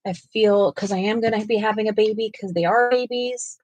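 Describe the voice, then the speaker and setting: A woman's voice: mid-range voice, steady tone, brisk, a little mellow, no echo, muffled recording. A woman hosting a coloring livestream, chatting casually and talking to her viewers in the chat as she colors. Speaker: livestream host.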